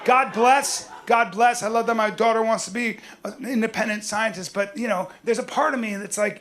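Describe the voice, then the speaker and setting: Middle-aged guy doing stand-up, high voice, loud and cocky, crowd noise under him. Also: moderate pace, few pauses. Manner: loud, swaggering, punchy delivery with frequent shouting. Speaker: stand-up comedian. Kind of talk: stand-up comedy set. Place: stage before a live audience. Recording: live show with audible audience noise.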